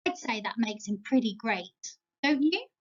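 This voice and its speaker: A woman on the high side, English-accented, teaches a Bible lesson to young children in a church. She's playful, encouraging and animated, talking slowly and asking the kids to join in, though the home-video audio is dull.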